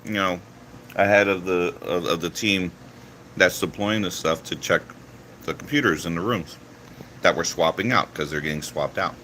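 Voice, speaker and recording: A man's voice: normal speed, a little hiss or hum. A man vlogging casually, telling a story from his week and acting out the other people's lines. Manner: animated, acts out quoted dialogue with rising pitch.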